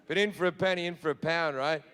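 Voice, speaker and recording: A man's voice: a little high, steady tone, fast talker, fairly bright tone, clear, resonant tone. A man with an Australian accent doing stand-up comedy, telling a story in a brash, profane manner.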